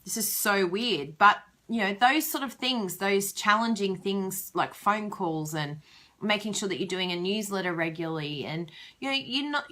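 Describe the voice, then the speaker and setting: A young woman talks through business tips in a relaxed, chatty way. Her voice is bright and forward, sitting at a middle pitch. She laughs easily and slips into quick acted-out quotes. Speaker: direct sales vlogger. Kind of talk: casual advice talk.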